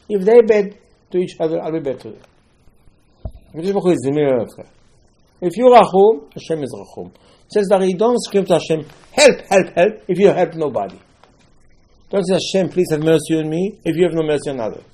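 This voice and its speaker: Husky guy preaching, gets loud then drops real quiet. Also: a little high, low-quality recording. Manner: animated, swings between loud emphasis and quiet asides. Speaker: rabbi. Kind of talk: sermon.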